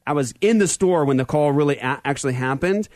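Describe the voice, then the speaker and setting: Male co-host, high pitch, dry close sound, animated storyteller who laughs a lot. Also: fast talker, no room sound. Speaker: radio show host. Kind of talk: casual chat.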